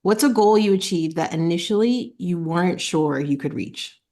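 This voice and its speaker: A woman in her forties hosting a podcast, chatty and relatable, asking questions and sharing quick asides. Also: on the low side, mellow. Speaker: podcast host, career coach. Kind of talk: casual interview talk.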